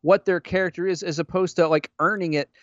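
A man's voice: high-pitched, fairly even intonation, a little fast, a bit bright, dry recording. Male podcast co-host, blunt and filler-heavy, dull lo-fi dry mic. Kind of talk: casual movie-review chat.

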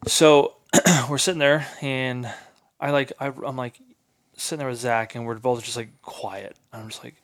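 A guy on a podcast spinning a story, casual and animated, cussing a lot and saying "like" constantly. his voice sits in the middle, neither high nor low, and he sounds fired up. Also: measured pace. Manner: animated, swears freely, many fillers. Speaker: podcast guest, hunter. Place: in-person recording on a hunting trip.

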